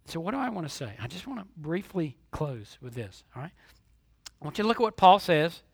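A man preaching a sermon as a pastor, asking rhetorical questions and swinging between hushed and emphatic delivery. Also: fairly high pitch, very animated, fairly quick, creaky, breathy edge, no echo.

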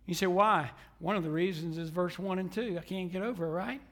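A high-pitched man preaches a sermon from the pulpit, his voice bright and ringing. He drives his points with emphatic declarations, then drops to a hushed, nearly whispered intensity before building back up. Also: fairly quick. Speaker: pastor. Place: church sanctuary.

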